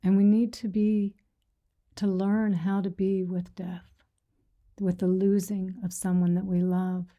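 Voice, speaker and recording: A woman teaching a meditation group in a gentle, reassuring way, sometimes dropping to a whisper. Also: medium pitch, level tone, a little slow. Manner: gentle, reassuring, soft-spoken; retells stories with quoted voices. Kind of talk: dharma talk to a sangha.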